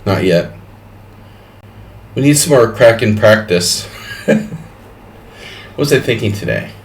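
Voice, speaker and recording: A man's voice: lowish voice, animated, slow, slight background noise. A man hosting a chess tournament on a live stream, chatting casually and rambling through exasperated complaints with plenty of fillers.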